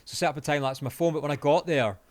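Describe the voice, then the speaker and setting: Over a loud crowd, a Scottish man in his forties rattles off a long anecdote as a podcast co-host. His fairly high voice comes rapid-fire, animated and full of swearing, and he laughs as the casual chat goes on.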